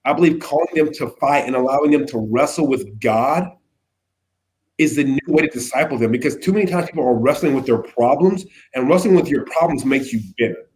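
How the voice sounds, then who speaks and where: A man speaking as a youth pastor guest in a casual conversation, animated, acting out little quotes and often checking in with "right?". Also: medium pitch, a little fast. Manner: animated, acts out quotes, keeps asking "right?".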